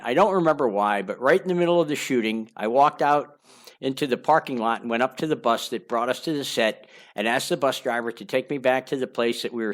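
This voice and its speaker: An older man narrating his own memoir aloud in a candid, confessional way, with wandering asides and small repeats. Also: medium pitch. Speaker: memoir author reading his own book.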